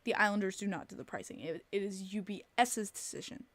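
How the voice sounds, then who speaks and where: A woman hosts a casual live-stream podcast from a close desk mic, and the sound is dry with no room around it. She talks bluntly and with a lot of animation, swears freely, and breaks off to answer her chat. Her voice sits at an ordinary middle pitch. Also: brisk, fairly bright tone, no echo. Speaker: podcast host.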